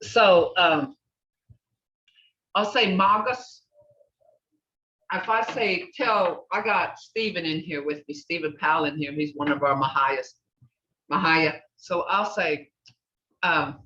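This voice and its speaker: Older woman teaching slowly in echoey room. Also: low-pitched, bright, forceful tone. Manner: repeats words slowly, checks in with "okay?". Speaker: language teacher. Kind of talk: classroom language lesson. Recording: echoey, distant, dull room recording.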